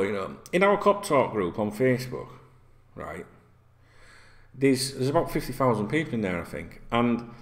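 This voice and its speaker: A man talking straight to his viewers from a home setup, in the loose, sweary style of a football vlogger. His voice sits at an ordinary middle pitch. He rambles a bit, keeps going back to "right?" and "you know what I mean", and swears as casual emphasis.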